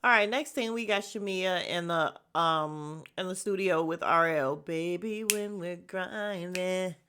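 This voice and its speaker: A woman hosts a podcast recapping a reality show, blunt and gossipy, full of slang, cursing, and fillers as she rambles chattily. Her voice is fairly low-pitched yet bright, with a forceful tone.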